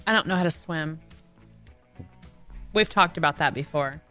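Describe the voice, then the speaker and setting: Woman co-host, bright, crisp voice, dry quick quips, faint music under. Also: sits low. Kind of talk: casual chat.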